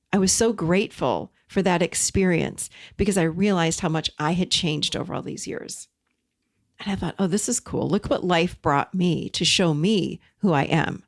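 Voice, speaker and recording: A woman hosting a self-help podcast, telling a personal story and teaching from it, talking straight to her listeners. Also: mid-range voice. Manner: animated, addresses listeners as "you guys". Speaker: podcast host.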